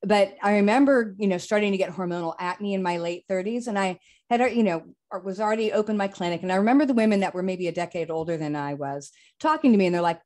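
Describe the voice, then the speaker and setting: A woman hosting a podcast, chatting frankly and telling lively personal stories. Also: mid-range voice, fast talker. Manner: frank, animated storyteller. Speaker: podcast host. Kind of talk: casual podcast conversation.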